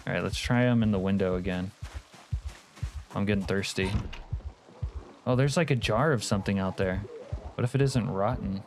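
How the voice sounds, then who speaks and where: A man's voice: fairly low pitch, normal speed, pauses often, music in the background. Joking, cursing man streaming a game. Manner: profane, jokey, reads chat aloud. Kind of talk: casual live-stream commentary.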